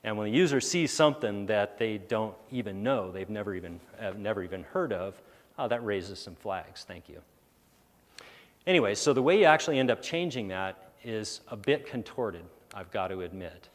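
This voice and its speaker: A man giving a technical conference talk, with sarcastic, animated asides and a habit of thinking aloud with fillers and restarts. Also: lowish voice, normal speed. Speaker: conference presenter. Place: large conference hall. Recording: echoey conference hall.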